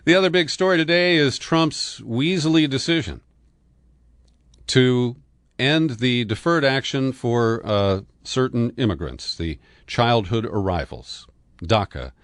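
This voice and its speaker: A male political commentator with a middle-pitched voice, delivering news and opinion with sardonic, scornful asides. The sound is close and completely dry, with no room around him. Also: expressive, a little slow, no echo.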